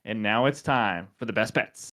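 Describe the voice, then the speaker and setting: A man's voice: lowish voice, normal speed, fairly bright tone. A young man hosting a sports betting picks show, chatty and self-deprecating with frequent fillers.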